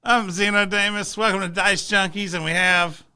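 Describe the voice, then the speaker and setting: A man's voice: high-pitched, steady tone, normal speed, bright, forceful tone, clean tone. A man hosting a casual livestreamed chat over an online call, easygoing and giving brief replies. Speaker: host.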